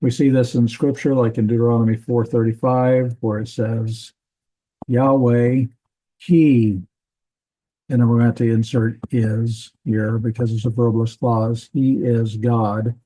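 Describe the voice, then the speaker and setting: A man teaching a Bible language class, explaining in a relaxed way with fillers. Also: mid-range voice, moderate pace, hardly any pauses, rough recording. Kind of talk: classroom lecture.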